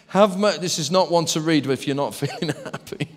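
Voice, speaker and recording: Lively preacher, high-pitched, story-driven, recorded with a long church-hall echo. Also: male voice, a little fast, few pauses. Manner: animated storytelling, acts out voices and laughs. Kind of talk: lively sermon.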